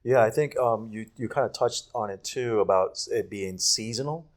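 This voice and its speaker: A low-voiced young man, a guest on a casual podcast. He recounts his past calmly and reflectively, keeping a steady pace. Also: moderate pace. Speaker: guest co-host. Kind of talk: casual faith talk.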